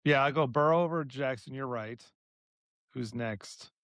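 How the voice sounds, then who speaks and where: A man's voice: mid-range voice, a little slow, fairly bright tone, dry recording. A young man co-hosting a podcast, telling a rambling story in casual chat and laughing often. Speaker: podcast co-host.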